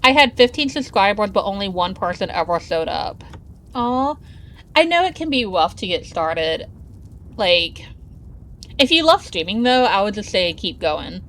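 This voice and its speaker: A woman's voice: medium pitch, big pitch swings, a bit bright, slight background noise. Chatty woman streaming a game. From Southern United States. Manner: chatty and laughs often; talks slowly. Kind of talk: casual live-stream chat while gaming.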